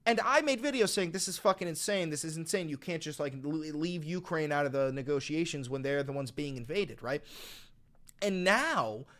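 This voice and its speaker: A man hosting a political commentary show, ranting with heavy profanity and sarcasm and often breaking into shouted outbursts. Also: fairly high pitch, animated, normal speed. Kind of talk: ranting commentary reading a statement aloud. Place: New York.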